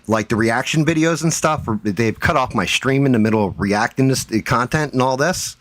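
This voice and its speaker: A man's voice: mid-range voice, no room sound. A man hosting his own livestream, ranting in a profane, defiant and heated way. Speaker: livestream host.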